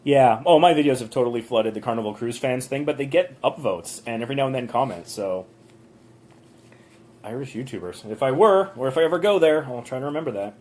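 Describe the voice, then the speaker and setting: With an animated, fairly quick delivery and a mid-range, darkish voice, a man hosts a phone live stream from a motel room. He rambles casually through viewers' channel reviews, saying um a lot and breaking into occasional small rants.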